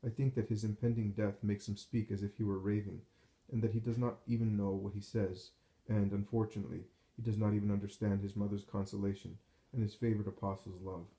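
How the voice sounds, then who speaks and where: A man reading a devotional text aloud in a slow, solemn, measured way, recorded in a roomy space with echo. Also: fairly low pitch, little pitch movement, mellow. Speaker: narrator.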